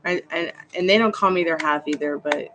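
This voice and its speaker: A woman's voice: on the low side, brisk, background noise. Chatty woman reading tarot live. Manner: chatty and reassuring, greets viewers by name. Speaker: tarot reader hosting a live stream. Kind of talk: casual live-stream chat.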